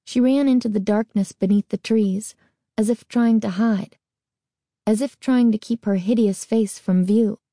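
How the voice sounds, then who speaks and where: Slow, deliberate woman narrator. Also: mid-range voice, fairly even intonation, warm tone, no room sound, studio quality. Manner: measured, deliberate reading. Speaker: audiobook narrator. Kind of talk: scripted narration.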